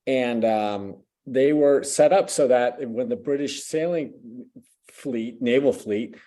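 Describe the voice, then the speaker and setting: A man's voice: medium pitch, slow pace, warm tone. A man from a tasting club, politely and hesitantly asking a long question with many fillers.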